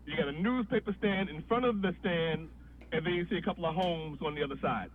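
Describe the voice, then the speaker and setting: A man's voice: fairly high pitch, brisk. A man, a comedian telling a long story on a podcast and acting out the voices in it. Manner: animated storyteller, acts out voices. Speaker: guest comedian. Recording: tinny phone-like line with faint noise.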